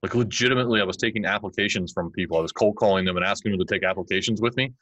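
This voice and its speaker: A man in his forties, a podcast guest, chatting and telling animated stories where he acts out his kids' lines. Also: low voice, rapid-fire, dry recording, low-quality recording. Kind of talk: conversational interview.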